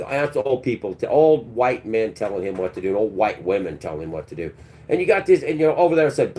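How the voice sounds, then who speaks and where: A man's voice: lowish voice, sing-song, fast talker, dark tone. A man hosting a live stream who rambles in a crude, sarcastic rant with many restarts. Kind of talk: ranting live-stream talk.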